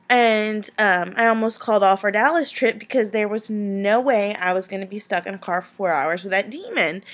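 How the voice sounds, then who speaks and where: Young woman, home vlog, late-night tired chatter, rambling with fillers. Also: mid-range voice. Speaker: vlogger answering viewer questions. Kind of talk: casual chat to camera.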